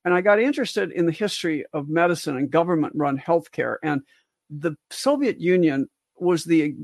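Co-hosting a livestream discussion, an older female physician talks at length in a rambling way, with many restarts and asides, lifting her voice to emphasize key points. She has a low, darkish voice at a moderate pace, recorded with clean studio sound and no room sound.

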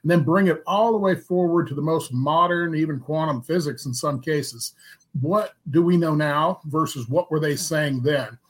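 Male talk-show guest, relaxed and plainspoken explainer, slightly high voice. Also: moderate pace, breathy edge.

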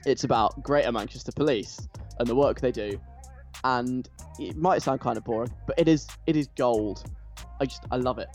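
A man's voice: mid-range voice, normal speed. A man hosting a radio show, chatty and enthusiastic. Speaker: radio host. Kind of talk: casual radio chat. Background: faint music.

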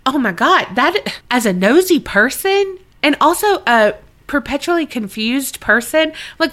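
A Southern American woman co-hosts a podcast, chatting loosely with plenty of swearing and laughter before reading a listener's story aloud. Her voice sits a little high and sounds bright and forceful, with pitch that swings widely. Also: unhurried. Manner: animated, swearing, laughing often. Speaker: podcast co-host. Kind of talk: casual chat and reading listener stories.

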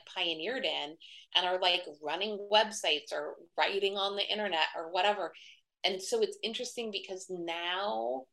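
A woman in her thirties, a guest who publishes a wedding website, tells stories in a casual interview. Her lowish voice has a sharp tone on a rough recording, and she chats with many fillers while acting out the voices of people she quotes.

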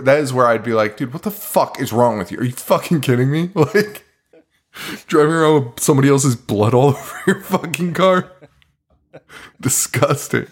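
A man co-hosting a podcast, recapping a bad horror movie in casual chat, swearing freely and laughing often. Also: medium pitch. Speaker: podcast co-host.

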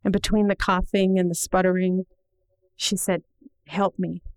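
A middle-aged woman telling a personal story to an audience in an earnest, measured way, slowing down at the heavy moments. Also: lowish voice, flat delivery, clean tone, no echo, rough recording.

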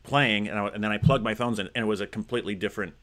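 Low-voiced man chatting loosely. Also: steady tone, very fast, fairly bright tone. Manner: rambling, lots of fillers and restarts. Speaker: podcast host. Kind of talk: casual chat.

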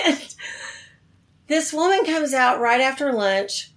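A middle-aged woman telling a personal story in conversation, animated and acting out the voices she quotes, laughing between lines. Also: high voice, takes it slowly. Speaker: guest telling her life story.

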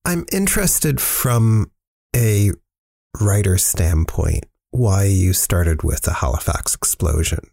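A man hosting a radio interview, asking calm questions and encouraging his guest. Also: low-pitched, takes it slowly, gravelly, breathy edge, dry recording, studio quality. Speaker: radio host.

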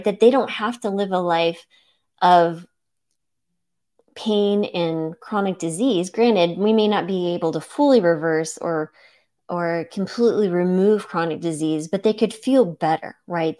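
A woman's voice: mid-range voice, warm tone. A middle-aged woman physician hosting a reflective solo podcast, talking earnestly and encouragingly with many "right?" checks and "um" fillers, at moments close to tears. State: emotional, near tears.

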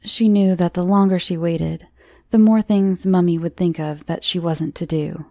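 A woman narrating a horror story in a steady, measured reading. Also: fairly low pitch, no room sound.

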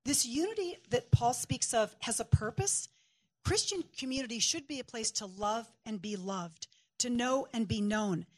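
A high-voiced woman preaches in a church, swinging between scripture and a funny family story. She laughs easily and tells it with lively energy. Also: normal speed. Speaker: guest preacher. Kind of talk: shared sermon with storytelling.

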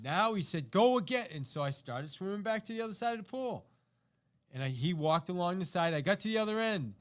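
Animated man telling a personal story. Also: high voice. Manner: animated, acts out quotes, repeats himself. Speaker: podcast host. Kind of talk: personal story told to listeners.

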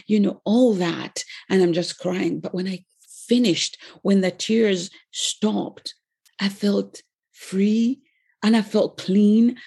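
A woman in her forties giving an earnest, emotional personal faith testimony, with pauses and restarts. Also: mid-range voice, vocal fry, dark tone, breathy edge. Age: 40s.

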